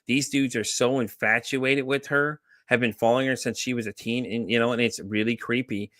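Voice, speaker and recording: Bright-voiced man telling animated stories. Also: medium pitch, normal speed, no echo, clean studio sound. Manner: animated storytelling, acts out quoted voices, swears freely. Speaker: podcast host. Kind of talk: casual podcast chat.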